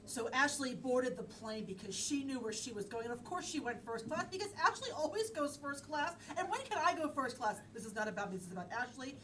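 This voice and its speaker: A woman's voice: high voice, big pitch swings, fairly quick, few pauses, fairly bright tone, slight background noise. A woman improviser narrating a comic story on stage in a chatty way. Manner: chatty, self-interrupting narration. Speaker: improv performer. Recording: distant mic with faint ambience.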